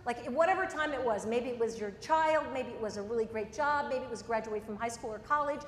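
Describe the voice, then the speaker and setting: A woman leading a live workshop, giving direct, brisk advice and running a demonstration for a group. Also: a little high, a little hiss or hum. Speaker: workshop trainer. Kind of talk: live workshop lecture and demo. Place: meeting room before a group. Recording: echoey room, mic at a distance.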